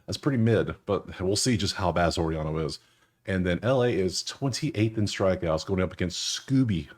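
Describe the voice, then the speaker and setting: A young man casually breaking down baseball betting picks over a screen share, slangy and joking, with loud incredulous outbursts. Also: sits low, moderate pace. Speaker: sports betting analyst.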